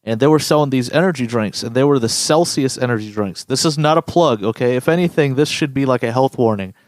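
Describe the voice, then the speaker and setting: A young man co-hosting a podcast in casual chat, swearing often and telling stories with animated impressions. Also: medium pitch, fast. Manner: profane, animated storyteller. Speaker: podcast co-host.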